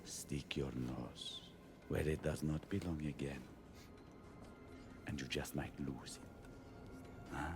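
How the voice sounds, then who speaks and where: A cold, threatening crime boss speaks in a hushed, unhurried growl. His voice sits very deep and swings widely in pitch. Game music plays beneath him. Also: steady tone, full character voice. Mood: menacing. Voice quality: low, hushed threatening delivery. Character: menacing older male crime boss, cold. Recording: game audio with music underneath.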